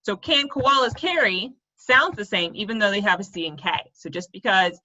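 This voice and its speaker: Bright-voiced woman teaching kids. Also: medium pitch, fairly quick, highs cut off. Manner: playful, tripping over tongue twisters. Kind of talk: video lesson for kids.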